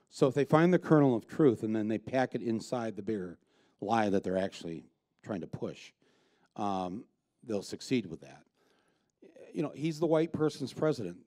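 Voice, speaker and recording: A man speaks onstage as a guest before a live audience, with an average-pitched, mellow, warm voice. His delivery is blunt and emphatic, and he often restarts his sentences. He sounds like a filmmaker in conversation rather than reading a script. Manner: blunt, emphatic, profane, with frequent restarts and fillers.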